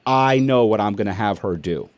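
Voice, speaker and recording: Middle-aged male host, low voice, dry close sound, animated storyteller. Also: moderate pace, no echo. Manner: animated, acts out family dialogue. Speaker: podcast host and speaker. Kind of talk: casual storytelling in an interview.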